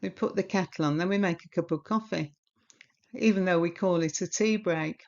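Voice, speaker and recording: Woman, history presenter, low-ish voice, dull lo-fi recording, chatty storyteller. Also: moderate pace, a little mellow. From Britain. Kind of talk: illustrated history talk. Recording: dull lo-fi sound.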